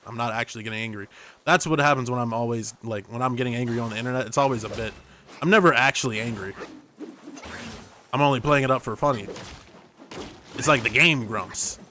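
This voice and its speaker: A man's voice: medium pitch, sharp tone, a little hiss or hum. A young man streaming a game, rambling through jokes and tangents into his microphone. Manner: rambling, jokey, tangent-prone. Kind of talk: casual gaming commentary.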